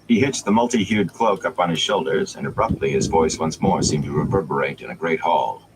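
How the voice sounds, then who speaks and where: A man reading a fantasy novel aloud in a measured storytelling manner, over steady background noise. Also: deep voice. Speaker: audiobook reader.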